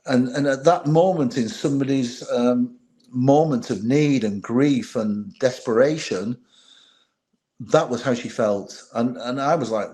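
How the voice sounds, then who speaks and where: Male podcast guest, ex-bodyguard, candid and animated in his anecdotes. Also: medium pitch, a little slow. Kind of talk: storytelling in a podcast interview.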